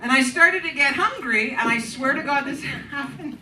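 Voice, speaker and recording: A woman's voice: sits high, animated, normal speed, distant mic. A woman in her fifties performing a brash, profane stand-up set with crowd work in a comedy club. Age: 50s. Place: comedy club stage with live audience. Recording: roomy club sound, loud crowd laughter.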